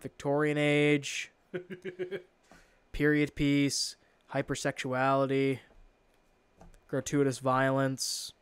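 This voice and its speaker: A man's voice: mid-range voice, flat delivery, very slow, pauses often, smooth, no echo. A man co-hosting a podcast in casual chat, ranting with plenty of swearing and exasperation. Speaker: podcast co-host.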